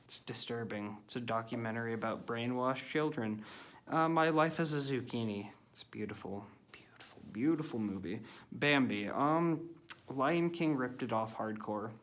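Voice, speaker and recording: A man talking casually through a list of films he watched, with a voice that is neither high nor low. He gives blunt, offhand verdicts and rambles, filling pauses with ums and likes. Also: a bit bright. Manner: rambling, blunt, filler-heavy opinions. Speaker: film reviewer. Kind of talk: casual movie-list vlog.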